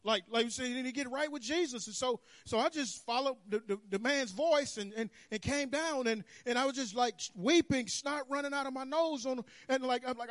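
A man preaching a sermon, telling his own story with animated swings between hushed and loud. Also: extremely high pitch, moderate pace, hardly any pauses, dry recording, clean studio sound. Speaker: pastor. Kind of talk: sermon testimony. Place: church sanctuary.

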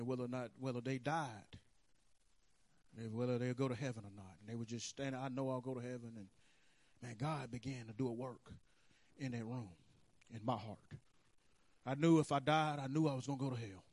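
A man preaching a sermon, telling his own story with animated swings between hushed and loud. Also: medium pitch, a little fast, no echo. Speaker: pastor. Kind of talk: sermon testimony. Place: church sanctuary.

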